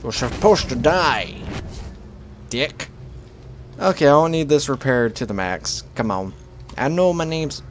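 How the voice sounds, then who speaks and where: A man in the middle pitch range narrates his gameplay in a loose, joking way. He swears often and talks back at the characters on screen. A faint hiss sits under the recording. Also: expressive, measured pace, pauses often. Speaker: video game let's player. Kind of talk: casual gameplay commentary.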